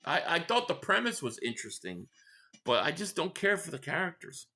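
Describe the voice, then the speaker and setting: A man's voice: a little high, wildly swooping pitch, a little fast, pushed and bright. A man from the Philadelphia area live-streaming a football game, rambling in casual chat, reading out viewer messages and giving blunt fan opinions.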